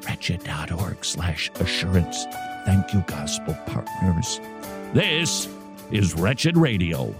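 A man hosting a Christian radio show, preaching emphatically with rhetorical questions and near shouts. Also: deep voice, lively intonation, takes it slowly, over loud music.

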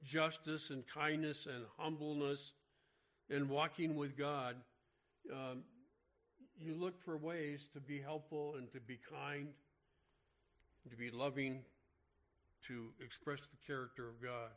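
A Bible teacher with a fairly high, slightly bright voice delivers an informal study sermon in a steady tone at a slow pace, pausing often. He speaks conversationally, frequently restarting his sentences, and mentions having an irregular heartbeat.

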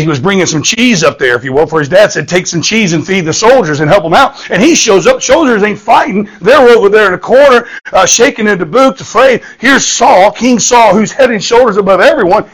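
A man's voice: high-pitched, expressive, a little fast, few pauses, breathy edge, rough recording. A man, preaching a sermon in a folksy storytelling manner, often repeating words and checking in with "okay?". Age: 50s.

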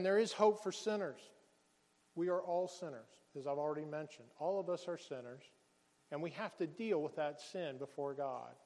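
High-voiced preaching man in a hall. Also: darkish tone. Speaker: pastor. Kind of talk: sermon.

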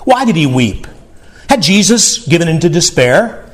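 A man's voice: a little high, very animated, normal speed. A middle-aged man preaching a sermon, earnest and tender, often repeating words as he stresses a point. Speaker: pastor.

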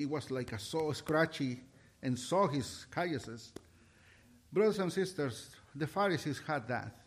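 A man preaching a sermon, impassioned and halting, with restarts, swinging between loud and soft. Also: fairly high pitch. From Mexico.

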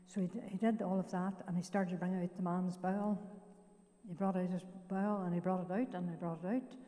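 A woman's voice: fairly low pitch, steady tone, fairly quick, dark tone, big-room sound. An older woman with a Northern Irish accent gives her testimony at a church service, telling her story plainly and acting out what each person said. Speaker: guest giving her testimony. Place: church hall.

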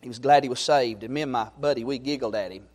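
A middle-aged man preaching a sermon, swinging from loud exhortation to quiet storytelling. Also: medium pitch, fast.

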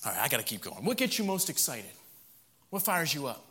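A man preaching a sermon in a lively, chuckling way, often repeating words as he restarts. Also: a little high, a little fast. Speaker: pastor.

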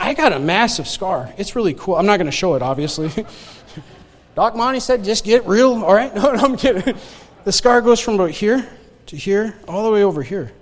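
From the pulpit of a church sanctuary, a guest preacher with a high-pitched voice gives his sermon testimony, his words trailing off in long reverb. He's an animated storyteller, shifting from quick, hushed asides to loud exclamations and often laughing along with the congregation.

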